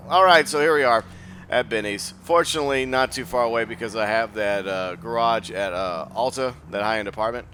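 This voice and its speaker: Male host, low-pitched and smooth, drowsy, rambling game walkthrough. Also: expressive, normal speed, pushed and bright, no room sound. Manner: rambling, filler-heavy, thinks aloud. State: sleepy, just woke up. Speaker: gaming channel host. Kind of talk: casual gameplay commentary.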